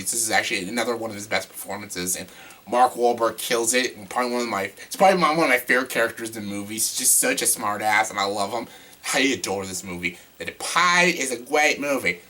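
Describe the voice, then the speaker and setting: A man casually ranking his favorite films in a vlog, gushing and excitable, with casual swearing. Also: lowish voice. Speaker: movie reviewer.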